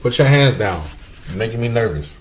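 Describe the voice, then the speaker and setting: A man's voice: medium pitch, lively intonation, brisk. A young man hosting a casual mukbang vlog, teasing his kid playfully while he eats. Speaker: family vlogger and dad.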